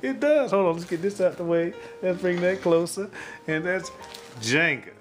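A man's voice: high voice, normal speed, echoey room, faint music behind, rough recording. A man hosting a casual home cooking show, joking and hyping each step straight to his viewers.

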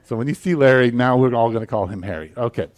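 A man with a Southern US accent, preaching a sermon in a casual, animated way with prayer. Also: medium pitch, fast talker. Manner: conversational, animated, with fillers and asides. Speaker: pastor.

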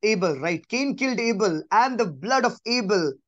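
A man giving a conversational Bible teaching, emphatic, repeating key phrases and dropping to a soft, low voice. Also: animated, moderate pace, no echo, lo-fi sound. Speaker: preacher.

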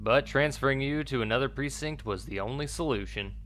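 A man voicing a stern middle-aged male police captain in a put-on Southern accent, reading game dialogue loudly and firmly. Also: medium pitch, brisk, slight background noise, voice pushed up, lightly acted.

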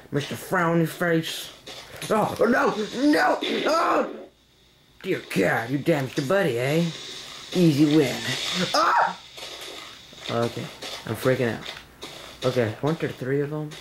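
A man doing casual let's play game commentary, jumpy and yelping and swearing when something startles him. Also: a little high. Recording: noisy home recording.

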